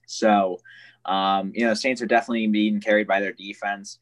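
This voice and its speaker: A young man hosts a sports podcast in an easygoing, chatty way. His voice sits fairly low. He keeps it loose and friendly with his co-host. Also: flat delivery, moderate pace. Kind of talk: casual sports podcast chat.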